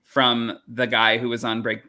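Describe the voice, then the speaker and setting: Give me a chatty man co-hosting a video-call chat, with a bright, forceful tone. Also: medium pitch, monotone, measured pace. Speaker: co-host. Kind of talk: casual chat.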